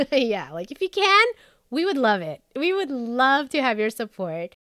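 A woman's voice: sits high, big pitch swings, measured pace, a bit bright, dry recording. Woman, American accent, podcast co-host, chatty and upbeat, dry close sound. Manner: chatty, upbeat, laughs often. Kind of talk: casual podcast chat.

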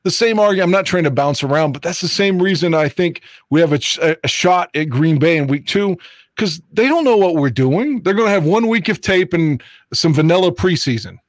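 An excitable man swears his way through casual football talk, rambling and restarting mid-thought. His voice sits a little high for a man, and the sound is dry and close with no room echo. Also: brisk. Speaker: co-host of a sports fan show. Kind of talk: casual sports chat.

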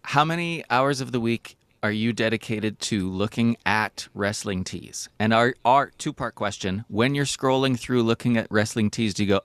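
A man's voice: medium pitch, normal speed, hardly any pauses, fairly bright tone, smooth, no echo. A man hosting a podcast in casual chat, easygoing and enthusiastic. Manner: easygoing, enthusiastic about sneakers. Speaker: podcast host.

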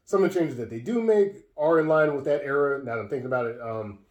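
A man in a relaxed film chat, thinking aloud with many "like"s and "um"s and swearing now and then. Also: medium pitch, fast. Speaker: podcast co-host. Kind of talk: casual film discussion. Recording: roomy echo.

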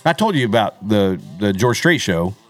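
A man's voice: normal speed, no room sound. A man co-hosting a podcast, chatting casually and rambling about country music. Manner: rambling, animated, drops into low impressions of others. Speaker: podcast co-host.

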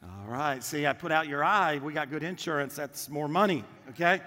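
A male pastor preaching a sermon to a congregation, lively and drawing the crowd into call-and-response. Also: on the high side, normal speed, hardly any pauses, long reverb tail. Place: church auditorium with congregation.

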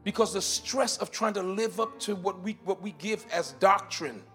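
A man delivers a sermon in a church with a notably high voice. He swings between quiet, careful explanation and loud, urgent declarations, often repeating words as he works through a point. Faint music runs behind him. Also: moderate pace. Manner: shifts from shouted declarations to quiet teaching. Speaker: pastor. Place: church sanctuary.

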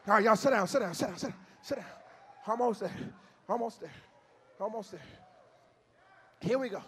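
A man preaching a sermon in a church, chanting lines in a sing-song way, rising to shouts and falling to soft murmurs as he leads the congregation. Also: sits high, moderate pace, slight background noise. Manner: sing-song call-and-response preaching, swells to shouts then drops to near murmurs.

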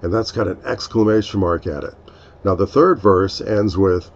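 A man hosting a reflective devotional talk, speaking in a slow, earnest, explaining way. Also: deep voice, dull audio. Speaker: podcast host.

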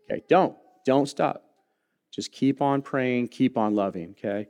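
A man's voice: mid-range voice, unhurried. Earnest storytelling pastor, a man. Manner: personal storytelling with humor, earnest and animated. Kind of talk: sermon. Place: church sanctuary.

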